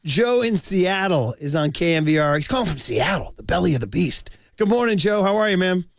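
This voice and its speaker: A man's voice: sits high, lively intonation, fairly quick, no echo, studio quality. A man in his forties hosting sports talk radio, telling heartfelt fan stories with passion and saying "dude" a lot.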